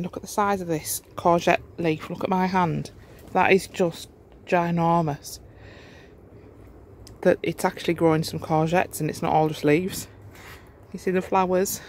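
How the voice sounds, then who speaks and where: Home gardener, casual vlog walkthrough, chatty, exclaiming, middle pitch, faint background hum. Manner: chatty, exclamatory, easily amazed. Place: inside a warm garden polytunnel.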